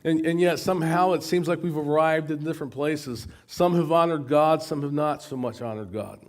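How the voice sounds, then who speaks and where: A man's voice: fairly high pitch, moderate pace. A middle-aged American man preaching a sermon, often stumbling and repeating words as he goes. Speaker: pastor.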